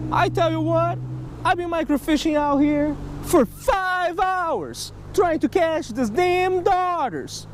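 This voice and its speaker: A man narrating his own fishing vlog outdoors at a creek, excitable, talking to himself and the fish and shouting when he gets excited. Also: extremely high pitch, slow, a little hiss or hum. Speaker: fishing vlogger.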